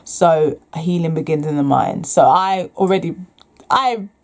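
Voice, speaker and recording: A woman's voice: low voice, measured pace. A young woman vlogging frankly about her own experience, reflective and full of restarts. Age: young adult. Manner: frank and reflective, restarts often, soft sighs. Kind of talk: candid talking-to-camera vlog.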